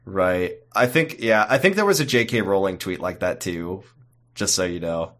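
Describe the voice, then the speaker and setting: A man's voice: sits low, moderate pace. A man co-hosting a podcast, riffing with jokey asides while recapping an episode. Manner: animated, jokey asides and riffs. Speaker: podcast co-host. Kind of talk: casual episode recap chat.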